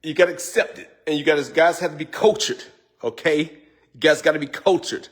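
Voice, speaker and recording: A man's voice: a little high, fairly even intonation, brisk. A man hosting a casual cooking livestream, joking and laughing often as he chats to viewers. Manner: loose, joking, laughs often, says y'all. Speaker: cooking show host.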